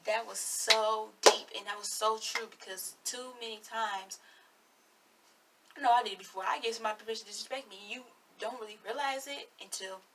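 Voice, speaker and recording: A woman's voice: a little high, steady tone, a little fast, recorded from a distance, noisy background. An eighteen-year-old woman giving sassy, blunt, chatty commentary on a reality show in her vlog. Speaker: vlogger.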